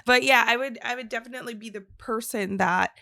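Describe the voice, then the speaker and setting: A woman's voice: on the high side, quick pace, creaky, pushed and bright, dry recording, clean studio sound. A woman co-hosting a podcast, chatting casually in an upbeat way and laughing often. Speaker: podcast co-host. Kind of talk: casual chat.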